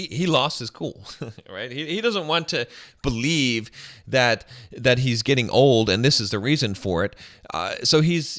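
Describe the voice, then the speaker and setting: Man, 40s, casual commentator, bright tone, dry recording, chuckles between lines. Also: medium pitch, no room sound. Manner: relaxed, chuckles often, many restarts. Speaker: philosophy commentator.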